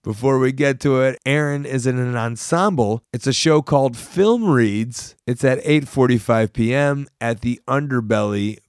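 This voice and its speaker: A man's voice: medium pitch, moderate pace, hardly any pauses, no room sound, studio quality. A man hosting a podcast, narrating a recorded introduction in an easygoing, matter-of-fact way. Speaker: podcast host.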